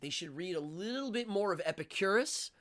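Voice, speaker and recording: A man's voice: sits high, animated, brisk, fairly bright tone. A man hosting a livestream, chatting in a rambling, opinionated way with many fillers and restarts. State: out of breath. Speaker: livestream host. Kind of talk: casual livestream chat.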